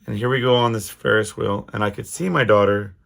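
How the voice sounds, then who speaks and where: A man's voice: fairly low pitch, steady tone, brisk, creaky, a bit bright. A middle-aged man hosting his own podcast, talking alone in a casual, rambling way with lots of restarts and fillers. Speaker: podcast host. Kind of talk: casual solo monologue.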